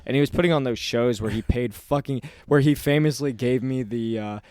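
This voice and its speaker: A man's voice: medium pitch, brisk, no room sound. A man in his twenties co-hosting a podcast, telling a story in casual chat and acting out the quotes. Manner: animated storyteller, acts out quotes in loud voices. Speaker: podcast co-host.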